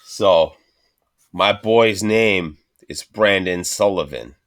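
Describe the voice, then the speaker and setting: Brief: low-voiced male podcast host, crude profane banter. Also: slow pace. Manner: crude, joking, heavy swearing.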